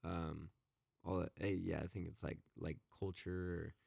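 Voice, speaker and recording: Deep-voiced man rambling through a retelling. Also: little pitch movement, moderate pace, creaky, darkish tone, no echo, clean studio sound. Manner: rambling, many fillers and restarts. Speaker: podcast co-host. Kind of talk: casual chat retelling a book.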